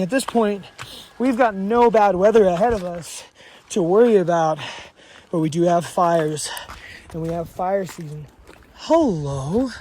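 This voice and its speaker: Slow-talking awestruck hiker on the trail. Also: medium pitch, darkish tone, a little hiss or hum. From Washington state. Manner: awestruck, exclaims often, rambling. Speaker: long-distance hiker. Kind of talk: walking trail vlog, thinking aloud. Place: outdoors on a mountain trail.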